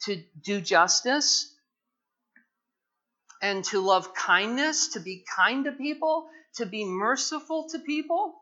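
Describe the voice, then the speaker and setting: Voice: mid-range voice, animated, slow pace, pushed and bright, muffled recording. A pastor preaching a sermon with passion, pressing the point with repeated rhetorical questions.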